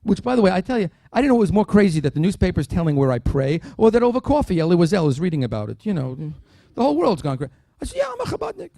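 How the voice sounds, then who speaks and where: Man, keynote storyteller, high voice, gravelly edge, acts out every quote. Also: racing, few pauses, no echo, clean studio sound. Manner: animated, acts out dialogue in quotes; humorous asides. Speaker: keynote speaker. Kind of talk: storytelling speech at a dinner.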